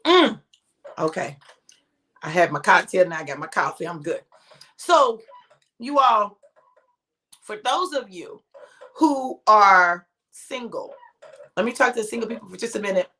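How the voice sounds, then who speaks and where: A woman's voice: mid-range voice, animated, a little slow, pauses often, bright, forceful tone. A woman in her fifties hosting a casual morning livestream for her viewers. She is chatty, playful and encouraging, and she laughs often. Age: 50s.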